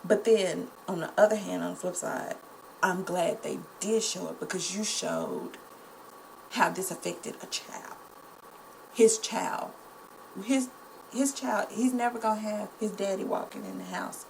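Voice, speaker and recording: Young woman, indignant casual commentary, gravelly voice, faint hiss behind. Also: medium pitch, very animated, normal speed, low-quality recording. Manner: impassioned, indignant, addresses viewers as y'all. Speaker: vlogger.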